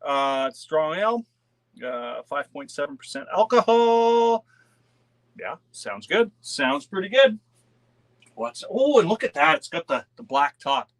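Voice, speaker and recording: A man's voice: on the high side, big pitch swings, a little slow. A man hosting a live beer unboxing stream, chatting casually, laughing often and greeting viewers by name. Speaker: beer channel host.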